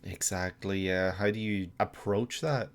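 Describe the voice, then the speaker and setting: A man's voice: sits low, fairly even intonation, measured pace, soft background music. A man with an Irish accent giving casual reaction commentary on an anime, gushing, laughing and thinking aloud with restarts.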